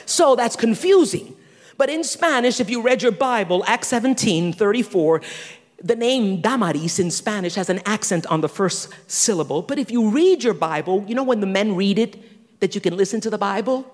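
Middle-aged woman, sermon testimony, playful self-mocking humor, very expressive pitch, echoey hall. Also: moderate pace. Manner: animated, humorous and self-deprecating. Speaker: church speaker.

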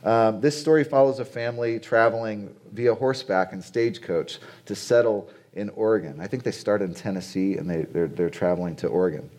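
A man's voice: fairly low pitch, a little fast, few pauses, darkish tone. A man in his late forties giving a conversational sermon to a conference audience, chatty and asking the crowd rhetorical questions. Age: 40s. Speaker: conference speaker. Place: conference venue.

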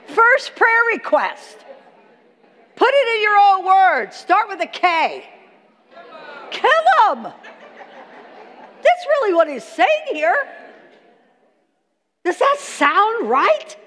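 A woman teaching a sermon on prayer, animated and asking her listeners questions. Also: very high voice, slow, pauses often. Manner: animated, talks to the audience with questions. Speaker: Bible teacher. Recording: long hall reverb.

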